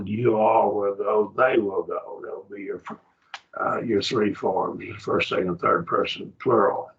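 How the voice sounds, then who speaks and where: Slow, gravelly man teaching a class. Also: lowish voice, a bit bright. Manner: patient, explanatory, checks in with "okay?". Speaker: Greek teacher. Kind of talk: classroom grammar lesson. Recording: distant mic, dull muffled classroom recording.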